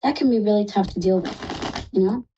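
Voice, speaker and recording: A woman's voice: medium pitch, normal speed, mellow, dull audio, a little hiss or hum. A woman reading tarot cards for a caller on a live call-in show, chatty and reassuring, calling the caller "love". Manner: reassuring, chatty, uses endearments. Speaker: psychic reader.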